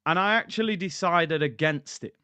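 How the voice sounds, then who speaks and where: Excitable high-voiced man ranting about football. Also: moderate pace, clean tone, no room sound. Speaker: football YouTuber, stream host. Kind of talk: casual live-stream football commentary.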